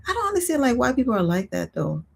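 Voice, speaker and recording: A woman hosting a livestream, telling stories in a chatty, expressive way and reading viewer comments aloud. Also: on the high side, quick pace, creaky, breathy edge. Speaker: livestream host. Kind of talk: casual storytelling chat.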